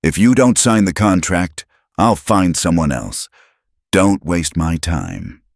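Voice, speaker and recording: A man's voice: low-pitched, expressive, moderate pace, dry recording, studio quality. A man doing a sneering, arrogant rich customer. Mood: contemptuous. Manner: sneering, barking. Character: arrogant rich male customer, contemptuous bully.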